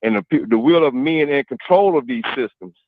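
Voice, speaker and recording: A man's voice: medium pitch, animated, fairly quick, dry recording, phone-quality sound. A man on a radio panel giving an earnest opinion, thinking aloud as he talks.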